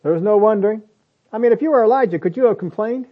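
A man's voice: sits high, quick pace, phone-quality sound. A man preaching a sermon in a conversational way, building to emphatic lists.

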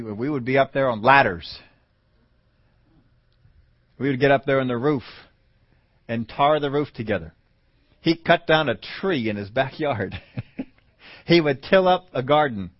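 A man's voice: mid-range voice, dry recording, highs cut off. A man preaching a sermon in a conversational way, chuckling and rising to emphatic peaks.

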